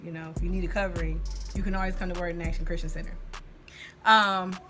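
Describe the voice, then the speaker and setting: A woman's voice: lowish voice, steady tone, fast talker. A young woman tells a personal story in a candid, slangy, faith-centered vlog. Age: young adult. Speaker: vlogger. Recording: music playing underneath.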